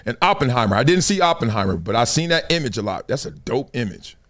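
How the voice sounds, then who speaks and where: A middle-aged man hosting a live sports and culture stream, talking in loose slang with loud bursts and low asides. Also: quick pace. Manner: animated, slangy, jumps between loud bursts and low mutters. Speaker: show host.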